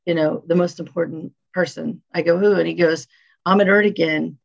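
A woman music executive, a guest on an interview show, telling animated stories and acting out what people said. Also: fairly low pitch, a little fast, gravelly. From northeastern United States. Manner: animated storyteller, acts out quotes. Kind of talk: casual interview chat. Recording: dull lo-fi audio.

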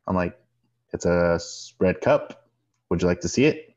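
A man's voice: low voice, moderate pace, a little mellow. A man co-hosting a podcast, telling a story in casual chat and acting out both sides of the dialogue. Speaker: podcast co-host. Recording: dull lo-fi sound.

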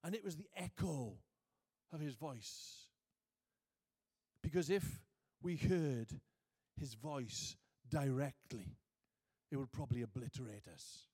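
A man preaching a sermon, moving from quiet reflection to booming emphasis and reading scripture slowly. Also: slightly rough. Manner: reads scripture aloud slowly.

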